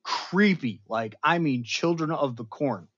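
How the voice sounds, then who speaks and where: Animated man rambling through a recap. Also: measured pace, lo-fi sound. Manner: animated, rambling storyteller with big swings in pitch and loudness. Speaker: pop culture show host. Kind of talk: casual episode recap livestream.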